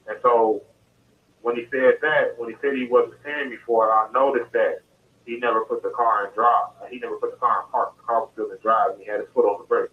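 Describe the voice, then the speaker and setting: A man's voice: medium pitch, fairly even intonation, brisk. A man recounts events to an interviewer in a casual, detailed way, often restarting and repeating his phrases. His voice sits in the middle range for a man. It comes through a tinny phone line, distant from the mouthpiece. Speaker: interview guest. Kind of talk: telling his story in detail. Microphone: phone call.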